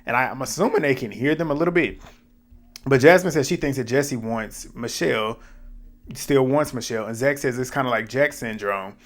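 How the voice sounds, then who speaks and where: Dude doing a chatty tv recap, blunt and animated, curses a lot, medium voice. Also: male voice, mid-range voice, moderate pace. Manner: animated and blunt, swears, laughs, repeats reactions. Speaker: reality TV recap YouTuber. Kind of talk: casual recap commentary.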